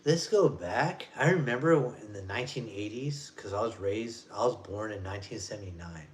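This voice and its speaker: A man's voice: lowish voice, lively intonation, moderate pace, a little hiss or hum. A man in his forties ranting casually on a vlog, rambling and profane, in loose street slang. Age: 40s. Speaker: vlogger. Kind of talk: casual rant.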